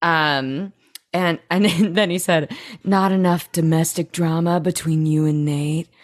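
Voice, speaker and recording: A woman's voice: sits low, takes it slowly. A woman co-hosting a podcast, chatting casually about a TV episode, swearing freely and acting out characters' lines. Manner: animated, swears freely, acts out quotes. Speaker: podcast co-host. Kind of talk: casual recap chat.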